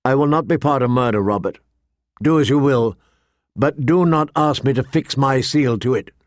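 A man voicing a stern, honorable middle-aged lord who speaks gravely and firmly. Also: medium pitch, no echo, studio quality, lightly acted. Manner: grave, firm, measured.

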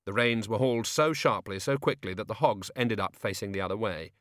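A man narrating a story as an audiobook, steady and wry. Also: lowish voice, brisk, dry recording, studio quality.

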